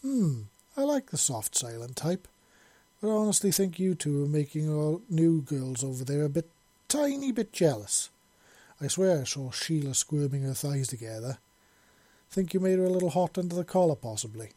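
A man's voice: a little high, very animated, moderate pace, dark tone, dry recording, voice pushed up. A man voicing a cocky, crude male creature who teases and swears. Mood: teasing.

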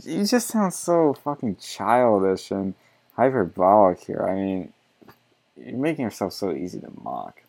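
Brief: low-pitched male commentator, sarcastic and mocking, swears freely. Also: big pitch swings, unhurried, darkish tone. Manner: sarcastic, mocking, swears often, laughs between remarks. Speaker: commentator reacting to an article. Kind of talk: reading aloud and ranting commentary.

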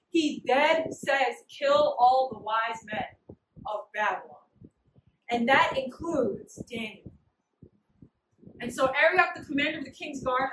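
A woman preaching a casual sermon with slangy, animated storytelling. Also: high-pitched. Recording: roomy, distant, noisy hall.

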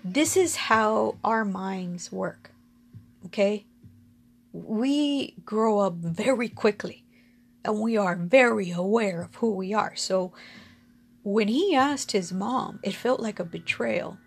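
A woman's voice: medium pitch, slow, gravelly, husky. Frank woman telling a personal story. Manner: frank and candid, swears casually, laughs often. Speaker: storyteller sharing personal experience.

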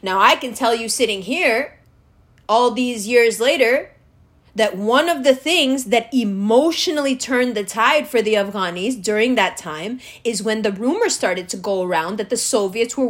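A woman delivering an angry, profane political rant, switching between slow emphatic lecturing and sarcastic outbursts. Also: fairly high pitch. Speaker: commentator.

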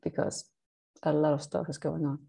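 Woman, Danish accent, dark mellow tone, breathy, casual podcast chat. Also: deep voice, level tone, moderate pace. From Denmark. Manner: chatty, laughs often. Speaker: podcast co-host.

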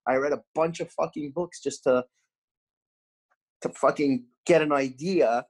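A man's voice: fairly high pitch, a little slow, slightly rough. A man in casual podcast chat, a personal trainer talking bluntly with heavy swearing and lots of restarts, sore from a workout. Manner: blunt, swears constantly, animated.

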